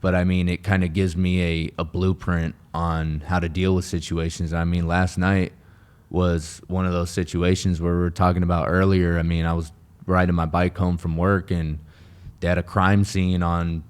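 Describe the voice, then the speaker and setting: A man's voice: deep voice, level tone, normal speed, darkish tone, clean tone. A man in recovery from addiction, talking earnestly as a guest in a casual interview, rambling with many restarts and fillers.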